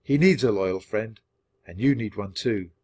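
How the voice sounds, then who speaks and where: A man voicing a thoughtful, sincere young boy in a storybook reading, speaking calmly and earnestly. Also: lowish voice, a little slow. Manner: calm, earnest, reasoning.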